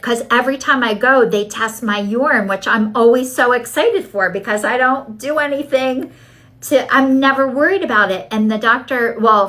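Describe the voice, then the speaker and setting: A middle-aged woman vlogging to her viewers in a chatty, animated way, acting out what people said to her. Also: fairly high pitch, poor audio. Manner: chatty, animated storytelling, acts out dialogue. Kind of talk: casual talking-to-camera vlog.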